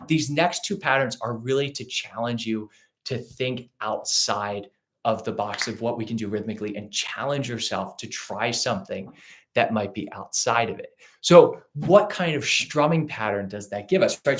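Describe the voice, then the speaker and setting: A man's voice: medium pitch, animated, moderate pace. A man teaching a ukulele lesson, patiently counting beats and calling out strum directions. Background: ukulele playing.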